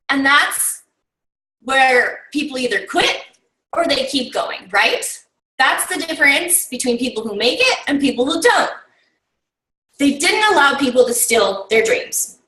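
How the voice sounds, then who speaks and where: A woman's voice: high voice, expressive, slow pace, sharp tone. A woman coach giving a motivational talk to her team, rallying them with rhetorical questions and lots of "like" and "okay?". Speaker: team coach recapping a summit. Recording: roomy and distant from the mic.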